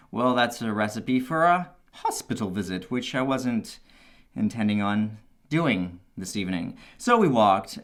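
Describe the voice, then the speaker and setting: A man casually telling a personal story, animated, swearing freely and laughing at his own asides. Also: lowish voice.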